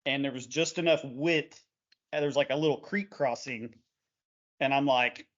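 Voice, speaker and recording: A man co-hosting a podcast, telling a lively race story in casual chat and laughing along. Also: medium pitch, normal speed. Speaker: podcast co-host. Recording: dull lo-fi podcast audio.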